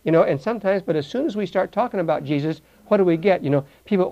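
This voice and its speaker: An older man teaching verse by verse through a Bible passage, animated and acting out the voices in the story. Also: sits high, fast, hardly any pauses, dull audio. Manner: animated, acts out voices, repeats words.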